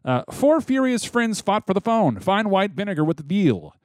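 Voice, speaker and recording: Lively jokey man, fairly high voice. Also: moderate pace, dry recording, studio quality. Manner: jokey, laughing often, animated. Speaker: podcast co-host. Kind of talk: casual chat, reading tongue twisters.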